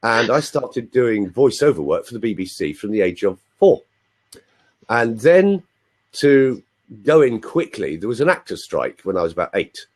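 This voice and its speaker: Husky older English man, lively storyteller. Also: on the low side, normal speed. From London, England. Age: 60s. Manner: playful, chatty, teasing the audience with asides. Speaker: voice coach, interview guest. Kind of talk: anecdotal interview storytelling. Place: live online video chat room.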